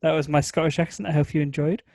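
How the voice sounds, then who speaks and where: A man's voice: fairly high pitch, steady tone, fast talker, a little mellow, no room sound. A man co-hosting a podcast, chatting wryly about a film with jokey asides. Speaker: podcast co-host. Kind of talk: casual comedic film review.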